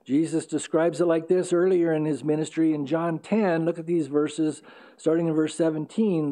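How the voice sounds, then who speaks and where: Earnest preaching man, soft dark voice. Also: a little high, fairly even intonation, normal speed. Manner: earnest expository preaching with fillers and self-corrections. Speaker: pastor. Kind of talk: sermon. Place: church sanctuary.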